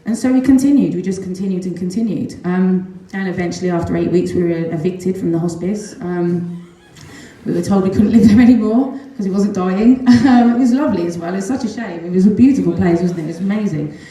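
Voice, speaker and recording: A middle-aged woman tells a personal story with earnest, animated feeling, scattering ums and small nervous laughs. Her voice is on the lower side and mellow. The recording carries heavy, roomy echo. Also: a little fast. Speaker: mother giving a testimonial. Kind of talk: emotional personal storytelling talk. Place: large echoey room at a talk event. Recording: very echoey room.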